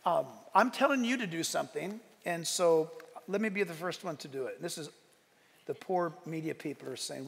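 A man preaching a sermon as pastor, animated and conversational, telling stories with bursts of shouting. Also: fairly high pitch, normal speed, creaky. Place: church sanctuary. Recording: long reverb of a church sanctuary.

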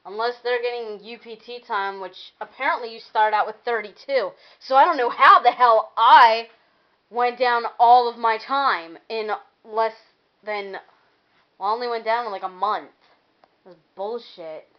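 A woman's voice: fairly high pitch, a little slow, highs cut off. Rambling young woman venting on a vlog. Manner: rambling, venting, swearing, laughing often. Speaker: vlogger. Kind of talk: casual vlog chat.

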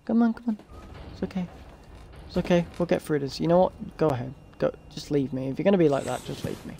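Brief: gamer, horror playthrough, jumpy, mellow dark tone, faint hiss. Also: medium pitch, quick pace, creaky. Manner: jumpy, talks to game characters, startled shrieks. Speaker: let's play gamer. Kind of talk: horror game commentary.

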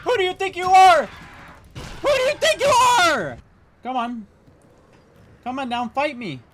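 A man's voice: sing-song, measured pace, background noise, full character voice. A man putting on a boastful, taunting voice as the top alien killer in a multiplayer horror game, with game music behind him. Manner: boastful, taunting, high and loud. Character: cocky trash-talking male alien killer. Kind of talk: in-game trash talk.

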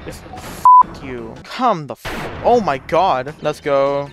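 A man's voice: a little high, sing-song, slow pace, creaky. A man giving casual commentary while playing a video game, frustrated, swearing often and muttering to himself. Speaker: let's play gamer. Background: game music.

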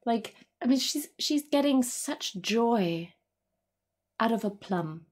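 A woman's voice: a little high, lively intonation, slow pace. A woman co-hosting a podcast, chatting casually and thoughtfully and giggling often. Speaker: podcast co-host. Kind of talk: casual chat.

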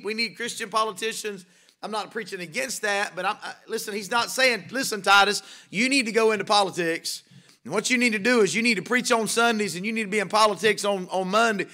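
Pastor guy preaching in church, high bright voice, keeps asking the crowd questions and repeating himself. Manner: emphatic preaching with rhetorical questions and repetition. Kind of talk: sermon. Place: church sanctuary.

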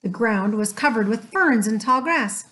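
A woman narrating a children's chapter book aloud, expressive and doing voices for the characters. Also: on the high side, a little slow. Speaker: audiobook narrator.

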